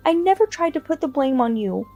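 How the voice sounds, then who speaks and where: A woman voicing an angry, defensive older mother-in-law with a shrill, indignant manner, over faint music. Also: sing-song, a little fast, warm tone.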